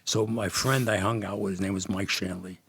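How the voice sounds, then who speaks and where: A man's voice: deep voice, fairly even intonation, fairly quick, fairly bright tone, slightly rough, no room sound, clean studio sound. An older man from Jersey City, a podcast guest, telling rambling old neighborhood stories with many restarts and laughs. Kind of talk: storytelling in casual chat.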